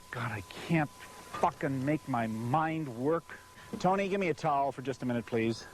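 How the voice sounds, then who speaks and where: A man's voice: fairly high pitch, background noise. A man shooting a promotional video, swearing constantly, exasperated and forgetting his lines. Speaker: spokesman filming a promotional video. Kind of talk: profane outtakes from a video shoot. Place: outdoors by a vehicle under hot lights.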